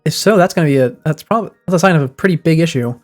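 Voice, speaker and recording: A man's voice: a little high, very fast, darkish tone. A man streaming a game from home, chatting and thinking aloud in a rambling, casual way with faint game music in the background. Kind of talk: casual gaming commentary.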